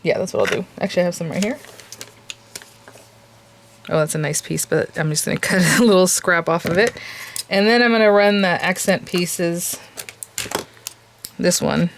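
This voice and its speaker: A woman's voice: fairly low pitch, normal speed, long pauses, a little hiss or hum. A woman hosting a papercraft tutorial, chatting casually, thinking aloud with lots of fillers and laughing at herself now and then. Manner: chatty and self-amused, laughs at herself often. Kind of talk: casual craft tutorial chat.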